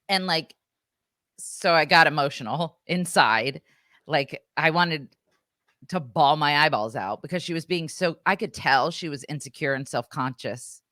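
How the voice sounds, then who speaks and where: A woman's voice: low-pitched, unhurried, bright, forceful tone, no room sound, studio quality. A woman in her thirties co-hosting a podcast, chatting casually through a story with lots of fillers and acted-out quotes. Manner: chatty, filler-heavy, acts out quoted voices. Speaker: podcast co-host.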